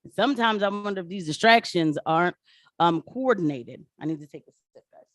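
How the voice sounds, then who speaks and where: A woman's voice: fairly low pitch, brisk, no room sound, studio quality. A woman talking casually to viewers on a livestream, chatty and slangy, drifting between asides and opinion. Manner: chatty, slangy, animated, addresses viewers as y'all. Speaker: political commentator livestreaming.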